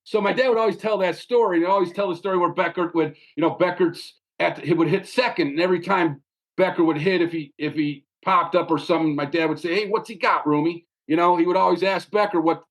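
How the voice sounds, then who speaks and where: A man hosting a podcast, telling a story in an animated, casual way and often tacking "man" onto his sentences. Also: on the high side. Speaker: podcast host.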